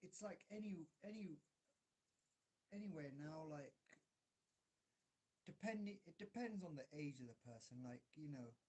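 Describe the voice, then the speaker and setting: A man's voice: fairly high pitch, animated, unhurried, pauses often, warm tone, breathy edge. A man with an English accent who grew up in Derby, rambling casually and mocking himself as he solders, swearing often and restarting his sentences. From England, grew up in Derby. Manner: self-mocking, swears a lot, many restarts. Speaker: hobbyist video maker.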